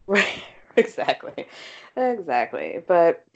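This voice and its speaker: A woman's voice: fairly low pitch, huge pitch swings, takes it slowly, gravelly. An American woman chatting casually about reality TV, filling her talk with "like" and agreeing often. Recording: dull, lo-fi sound.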